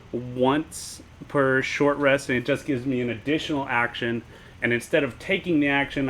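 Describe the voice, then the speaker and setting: A man chatting casually as a player in a tabletop game, thinking aloud as he works through his turn. His voice is bright and forward, with a playful edge. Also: mid-range voice. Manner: playful, thinks aloud while planning moves. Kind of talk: casual chat.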